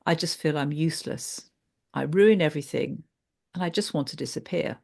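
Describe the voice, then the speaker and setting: A hurt and hesitant grown man in therapy, as a woman speaks his part, recalling things slowly with halting pauses. The voice sits low and has a gravelly edge. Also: a little mellow. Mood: hopeless. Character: adult male therapy client, hurt and hesitant.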